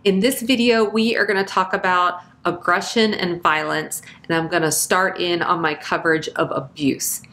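A woman who teaches nursing, explaining topics in a clear, steady way with casual fillers like "um" and "you know.". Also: lowish voice, normal speed, hardly any pauses. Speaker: nursing educator. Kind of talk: instructional lecture.

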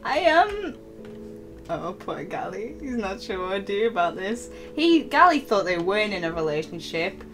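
A young woman voicing her lead character in an improvised game role-play, excitable and giggly, sliding into whiny squeals. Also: medium pitch, moderate pace, soft background music.

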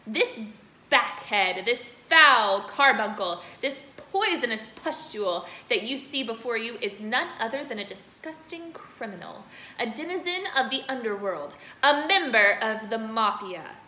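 A woman voicing a cruel, tyrannical headmistress who booms and hurls insults. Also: lively intonation, a little slow. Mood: furious. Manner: booming, shouting insults. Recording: roomy echo, faint noise.

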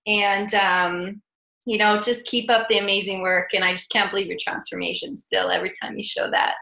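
A woman's voice: mid-range voice, little pitch movement, moderate pace, vocal fry, sharp tone, roomy sound. A woman from Canada hosting a team call, gushing and enthusiastic. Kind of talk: team call, casual chat.

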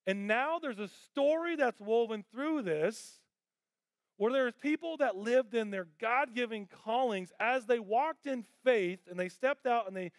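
A male pastor delivering a sermon in a church auditorium. His voice is notably high for a man and recorded dry and close. He talks in a passionate, conversational way, full of ums and restarts. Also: no echo.

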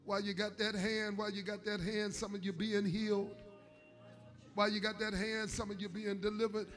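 A man's voice: high voice, little pitch movement, a little fast, a bit bright, soft background music. A man, preaching and leading an altar-call prayer with fervent, pleading repetition. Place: church service with music behind.

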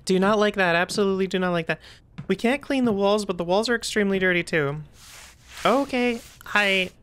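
A woman streamer talking through a horror game, chatty and jumpy, with nervous outbursts and a slightly rough throat. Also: mid-range voice, fairly quick, a bit bright, a little hiss or hum. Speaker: gaming streamer.

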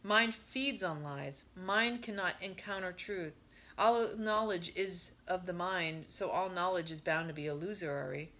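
A woman reading a spiritual discourse aloud in a measured way, stressing her rhetorical questions. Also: on the low side, a bit bright.

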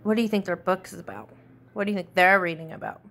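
A woman teacher reading a picture book aloud to young children, animated and asking them many questions. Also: lowish voice, fast talker, creaky.

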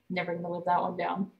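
A woman's voice: on the low side, vocal fry, lo-fi sound. A woman running a tabletop game as game master, narrating casually with frequent laughter. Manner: casual, laughing often, loose fillers like "like".

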